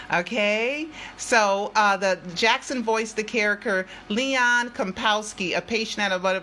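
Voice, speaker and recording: With a mid-range voice that sounds pushed and bright, plus a little hiss or hum, an older woman who works as a vlogger and investigative journalist chats with her viewers. The casual vlog talk is emphatic and circles back on itself with repetition.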